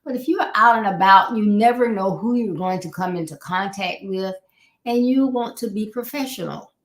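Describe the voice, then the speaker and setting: A woman's voice: mid-range voice, normal speed. A woman life coach giving a motivational live talk in a conversational way, repeating her key points and acting out the people she quotes. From Florida. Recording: echoey room.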